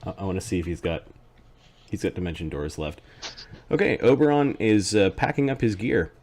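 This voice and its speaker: A man playing a tabletop game, describing his character's actions in a halting, casual way. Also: deep voice, lively intonation, a little mellow.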